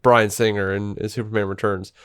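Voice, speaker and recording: A man's voice: on the low side, level tone, fairly quick, smooth, dry recording, clean studio sound. A man co-hosting a podcast, chatting casually in a rambling way with many restarts. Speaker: podcast co-host. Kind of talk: casual chat.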